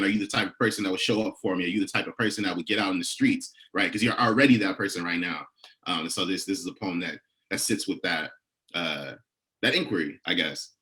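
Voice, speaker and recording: A young man with an African American English accent, talking softly with many pauses between poems, then performing spoken word poetry in a rhythmic, rising, incantatory delivery. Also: on the low side. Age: young adult. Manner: soft, halting talk between poems with many fillers.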